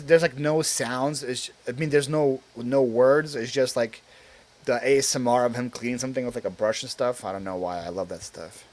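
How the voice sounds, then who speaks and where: A man hosting a casual live stream, rambling with lots of filler words and reading viewer comments aloud before answering them. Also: mid-range voice.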